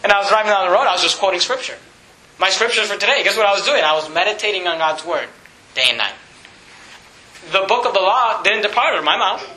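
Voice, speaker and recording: A man preaching a sermon as pastor, with animated, emphatic repetition. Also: sits high, fast talker, reverberant, rough recording.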